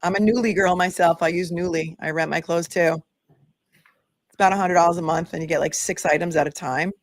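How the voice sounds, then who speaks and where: A woman's voice: fairly low pitch, steady tone, a little fast, no echo, studio quality. A woman in her forties hosting a casual livestream, chatting and reading viewer comments aloud. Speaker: legal commentary livestream host.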